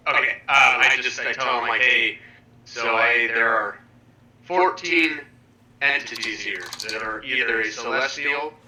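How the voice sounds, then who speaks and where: A man playing a tabletop game, describing his character's actions haltingly with many fillers. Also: mid-range voice, pushed and bright, slight background noise, rough recording. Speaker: player. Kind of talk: casual tabletop role-play.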